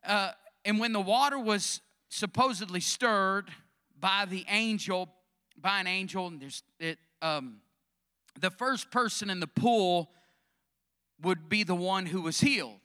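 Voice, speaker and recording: A man's voice: high-pitched, measured pace, sharp tone, clear, resonant tone. A male pastor preaching a sermon, calling out questions to the congregation.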